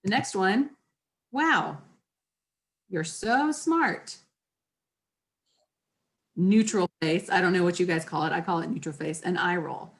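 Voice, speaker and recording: A woman's voice: lowish voice, fairly even intonation, fairly quick, hardly any pauses. A woman leading a class, teaching in a casual, chatty way and acting out sample phrases in different tones of voice. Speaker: class leader. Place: class session with participants.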